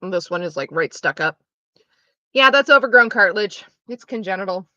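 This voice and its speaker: A woman's voice: medium pitch, expressive, a little fast, pushed and bright, dry recording, lo-fi sound. A woman streaming a game, chatting loosely with her live viewers and answering them by name. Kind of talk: casual chat with live viewers.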